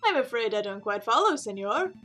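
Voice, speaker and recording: A woman's voice: fairly high pitch, lively intonation, a little fast, pushed and bright, faint music behind. A woman voicing a suave man who poses as a prince, telling his story in a theatrical way. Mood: pleading. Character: suave male French con artist prince.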